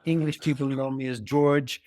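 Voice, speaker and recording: A man hosting a conversation, gentle and halting, often trailing off softly. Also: medium pitch. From born in Belgian Congo. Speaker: host. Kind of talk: casual conversation.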